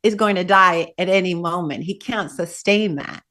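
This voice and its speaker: A woman's voice: on the low side, moderate pace, a bit bright, lightly acted. A woman voicing a compassionate male god, anxious and heartfelt as he watches a struggling bird.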